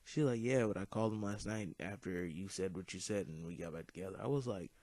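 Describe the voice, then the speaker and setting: Teen boy, very low voice, dry close sound, rambling casual storytelling, swears a lot. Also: quick pace, a little mellow, dry recording. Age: teens. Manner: rambling, swears often, many fillers. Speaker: YouTube commentator. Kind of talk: casual storytelling over gameplay.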